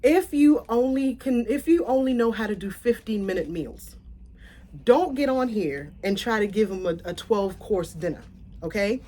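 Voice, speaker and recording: Chatty, animated woman vlogger. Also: mid-range voice, normal speed. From South Florida. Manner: chatty and animated, often laughing and correcting herself. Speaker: content creator. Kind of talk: casual vlog chat.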